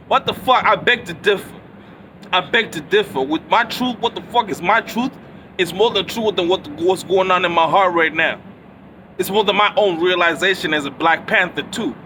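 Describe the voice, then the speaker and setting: Man, high bright voice, profane rambling phone monologue, city street outside with faint traffic. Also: rough recording. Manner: profane, rambling, repeats himself.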